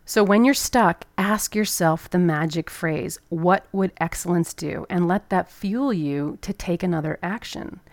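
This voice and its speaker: A woman telling a personal story to make a motivational point, candid and animated, with casual swearing. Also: on the low side, a little slow, hardly any pauses, no echo. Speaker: motivational speaker. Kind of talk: personal story told to an audience.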